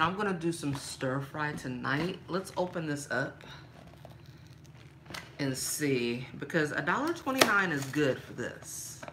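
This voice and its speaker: A woman talking casually and playfully to her viewers in a shopping haul vlog, laughing often and getting animated when she complains. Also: slight background noise. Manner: playful, laughs a lot, talks straight to viewers as "girl"; animated, rises high when mock-angry. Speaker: vlogger showing a shopping haul.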